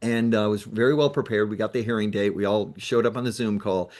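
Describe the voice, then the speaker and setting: A man's voice: on the low side, fast. A man, a nonprofit founder as a guest, telling a story in a conversational interview and acting out what others said. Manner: lively retelling that acts out other people's lines.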